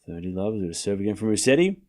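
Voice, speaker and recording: A man's voice: lowish voice, big pitch swings, very fast, a little mellow. A young man hosting a live tennis watchalong, chatting casually with his stream chat and calling the score in a rambling way. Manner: chatty, rambling, with fillers and restarts.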